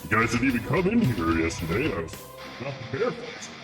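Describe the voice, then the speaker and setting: A man's voice: medium pitch, huge pitch swings, a little fast. A man muttering in a flustered way while getting dressed, some way from the mic. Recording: far from the mic, music behind.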